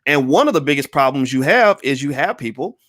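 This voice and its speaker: A man delivering an emphatic opinion monologue as a commentator, repeating his points forcefully. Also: medium pitch, sing-song, fairly quick.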